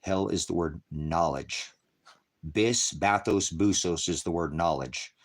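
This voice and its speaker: A very low-voiced man preaching live to an online audience. He curses constantly and belittles viewers. He lurches from loud outbursts to low mutters. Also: takes it slowly. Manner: profane, combative, berating viewers; loud, swings between shouting and muttering. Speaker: livestream preacher. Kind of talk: ranting livestream preaching to chat.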